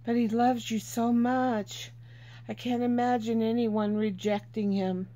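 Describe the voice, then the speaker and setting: A woman's voice: fairly high pitch, level tone, unhurried, dark tone. A woman reading Bible verses aloud and teaching from them in an earnest, informal way, repeating herself for emphasis.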